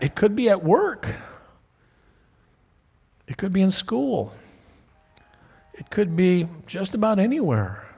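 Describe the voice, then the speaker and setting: Pastor, male, husky voice, storytelling sermon, keeps checking in with the congregation. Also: sits high. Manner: storytelling, checks in with listeners often. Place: church sanctuary. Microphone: wears a clip-on mic.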